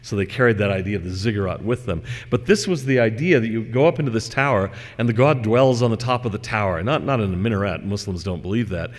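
A man giving a religious lecture and reading scripture, measured and conversational, with fillers and asides. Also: fairly low pitch, big-room sound.

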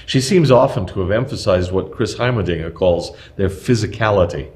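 Low-voiced man reading history aloud. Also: moderate pace, darkish tone. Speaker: narrator.

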